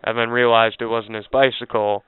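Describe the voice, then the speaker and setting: A man's voice: mid-range voice, flat delivery, normal speed, clear, resonant tone, no echo. A man co-hosting a casual podcast, telling a rambling, swearing anecdote in a laid-back way. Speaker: podcast co-host. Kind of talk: casual podcast chat, storytelling. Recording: dry, phone-like narrow sound.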